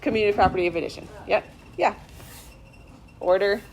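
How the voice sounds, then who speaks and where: A woman math teacher in a classroom, walking students through problems step by step in a slow, deliberate way. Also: medium pitch, a little mellow, a little hiss or hum. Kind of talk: classroom instruction.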